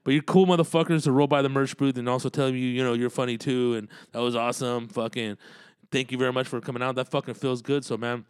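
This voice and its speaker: A man's voice: medium pitch, fairly even intonation, quick pace, clear, resonant tone, dry recording, clean studio sound. A man hosting his own podcast, rambling in a loose monologue full of cursing and street slang. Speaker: podcast host and comedian.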